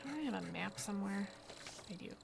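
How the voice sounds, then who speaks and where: A woman streaming a video game, chatting casually to herself, with mild swearing, over loud game music. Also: mid-range voice, lively intonation, fast talker, creaky, noisy background. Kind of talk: casual gameplay commentary.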